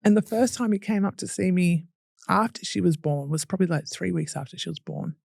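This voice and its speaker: Fairly quick and on the low side, this gravelly, slightly mellow voice belongs to a young Australian woman guesting on a podcast. She tells her difficult story candidly, swearing, laughing through painful memories and imitating what others said. It's a dry, studio-quality recording.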